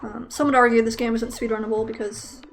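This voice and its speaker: A woman's voice: a little high, flat delivery, fast. A young woman casually commentating her own speedrun, rambling with lots of fillers and self-deprecating jokes.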